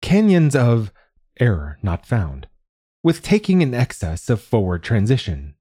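A man voicing a gentle alien visitor that speaks in a halting, careful way in an audiobook story. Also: medium pitch, huge pitch swings, husky, no room sound, clean studio sound, voice pushed up, heavily acted. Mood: earnest. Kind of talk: audiobook reading.

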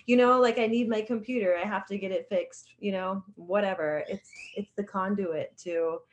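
A woman hosts a relaxed online interview, talking loosely with many fillers and easy laughs. Her pitch sits in an ordinary middle range for a woman. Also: normal speed, highs cut off. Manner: casual, filler-heavy, laughs easily. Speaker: podcast host. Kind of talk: casual conversation.

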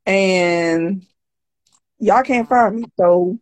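A woman's voice: medium pitch, very slow, a little mellow, no echo. A woman chatting casually, blunt and defiant with a joking edge. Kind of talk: casual chat.

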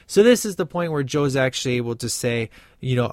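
A man's voice: on the high side, lively intonation, brisk, dry recording, clean studio sound. A man giving a casual spoken film review, rambling with lots of "uh" and "you know" and quoting lines from the movie. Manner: rambling, many fillers, quotes lines from the film.

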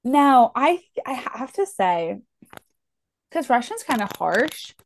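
A woman's voice: a little high, very animated, slow, a little hiss or hum. A woman co-hosting a book podcast in casual chat, talking in restarts with lots of "like". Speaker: podcast co-host.

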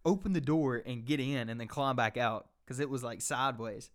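This young man's voice sits in the mid range and moves fairly quickly. He's on a casual podcast, animatedly recounting a story full of swearing while doing voices for each character.

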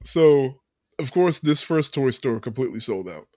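A man's voice: mid-range voice, animated, normal speed, a little mellow, dry recording, studio quality. A man hosting a podcast, casually recapping a movie plot and laughing often. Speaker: podcast host.

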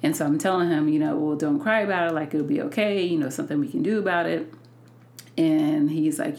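A woman hosting a podcast and telling a personal story in an unhurried way, with many fillers and restarts. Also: sits low, a little mellow. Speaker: podcast host.

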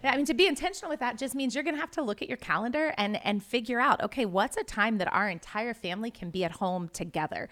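A woman's voice: on the high side, lively intonation, quick pace, few pauses, fairly bright tone. A woman co-hosting a podcast as a pastor, speaking in an encouraging, agreeable way. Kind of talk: casual podcast chat.

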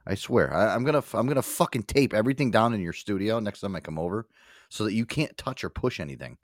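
Brief: male host, casual and profane, very expressive delivery, dry close mic. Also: lowish voice, quick pace, no echo. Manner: animated, swears a lot, laughs often. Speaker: podcast host.

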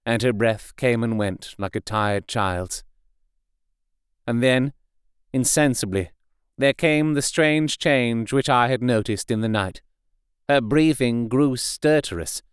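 A man giving a measured, expressive audiobook narration. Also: mid-range voice, smooth, no room sound, studio quality.

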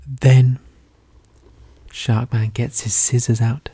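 Whispered role-play narrator: man with a dark, husky voice, slow and deadpan, dry close mic. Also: medium pitch, no echo.

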